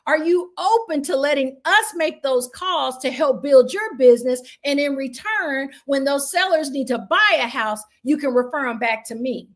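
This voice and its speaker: A woman's voice: high-pitched, lively intonation, moderate pace, hardly any pauses. A woman real estate trainer giving an online motivational training session, fervent and preacher-like, talking to her audience as y'all.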